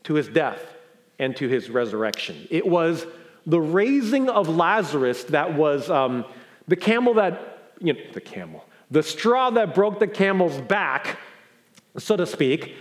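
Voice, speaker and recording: Male pastor, animated sermon delivery, high voice with wide swings in pitch. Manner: animated, builds to incredulous emphasis; conversational with fillers and restarts.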